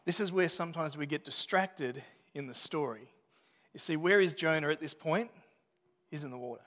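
A man's voice: a little high, moderate pace, fairly bright tone. Man preaching in a reverberant hall. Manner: conversational preaching with restarts and asides. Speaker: pastor. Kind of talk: sermon.

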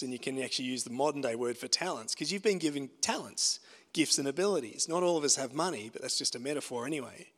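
A man's voice: fairly high pitch, fairly bright tone. A man preaching a sermon in a conversational storytelling way, pushing up into emphatic rises. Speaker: pastor. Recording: long hall reverb.

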